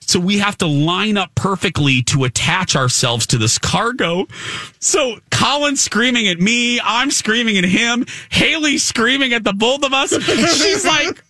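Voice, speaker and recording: A man telling an animated story on a talk show, excitable and acting out the voices of the people in it. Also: high voice, unhurried, no echo, clean studio sound. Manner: excitable, acts out voices in his stories.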